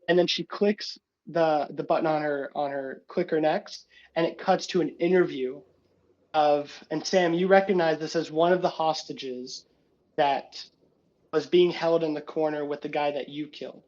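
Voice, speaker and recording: A man narrating a tabletop game as game master in an animated way. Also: on the high side, moderate pace, highs cut off. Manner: animated, lots of voices and asides.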